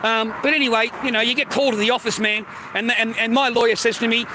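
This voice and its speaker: A man's voice: very high voice, normal speed, noisy background. A man with an Australian accent ranting in a casual, heated, profanity-filled monologue. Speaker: streamer.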